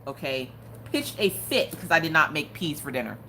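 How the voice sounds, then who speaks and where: A woman's voice: sits low, expressive, brisk, sharp tone, a little hiss or hum. A woman hosting a casual live crafting stream, chatty and joking, laughing often.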